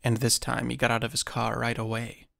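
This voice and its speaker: A man narrating a first-person encounter story in a measured storytelling manner with dry asides. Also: mid-range voice, monotone, creaky, fairly bright tone, dry recording.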